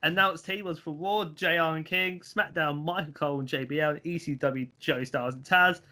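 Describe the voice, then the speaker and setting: A man's voice: fairly high pitch, a little fast, pushed and bright. A man hosting a casual chat, reacting briefly and running through his notes. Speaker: podcast host.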